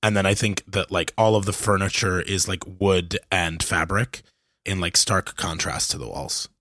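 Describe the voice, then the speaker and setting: Halting, filler-heavy man. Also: low voice, fairly even intonation, sharp tone. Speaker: player. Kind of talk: playing a tabletop game.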